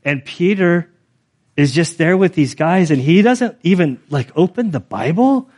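A man's voice: fairly high pitch, lively intonation, measured pace, darkish tone. A middle-aged man preaching as a pastor in a casual, conversational storytelling way, full of fillers like "like". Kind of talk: storytelling sermon.

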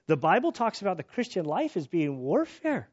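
Male pastor, earnest and candid, raised pitch, somewhat winded, restarts a lot, muffled low-fi recording. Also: very animated, moderate pace. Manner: earnest, candid, restarts often, voice rises when emphatic. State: out of breath. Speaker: pastor teaching through scripture. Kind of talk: expository sermon. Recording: dull lo-fi sound.

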